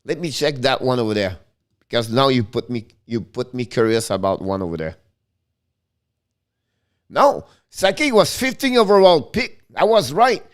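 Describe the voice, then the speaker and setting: Man, middle-aged, excitable stream host, casual chat, resonant voice, keeps restarting sentences. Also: medium pitch, moderate pace. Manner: excitable, restarts and self-corrections. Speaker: hockey live-stream host. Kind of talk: casual live-stream talk.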